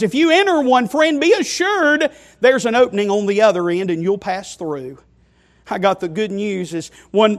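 A man preaching a sermon, speaking with emphasis, calling his listeners friend and asking them rhetorical questions. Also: extremely high pitch. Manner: emphatic, addresses listeners as friend and child of God.

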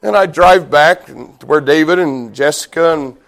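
Gravelly and fairly high in pitch, this middle-aged man preaches at a moderate pace. As a pastor, he tells a personal story with animation, shouting and laughing through the retelling, then climbs into emphatic, repeated lines.

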